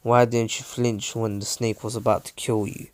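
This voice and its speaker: A man voicing a calm, kindly young male ninja who reassures a child. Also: on the low side, moderate pace, no echo, lightly acted. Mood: reassuring.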